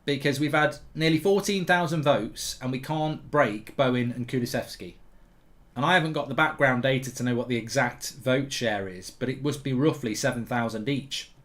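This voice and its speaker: A man hosting a live football watchalong, reading viewer comments aloud and answering them with quick, opinionated asides. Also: mid-range voice, a bit bright. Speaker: host.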